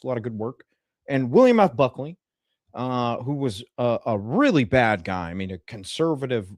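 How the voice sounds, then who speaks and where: A man livestreaming a satirical comedy rant in a mock-pundit persona, rambling with sarcasm and swinging between loud outbursts and muttered asides. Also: medium pitch, no echo, clean studio sound. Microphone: streaming mic.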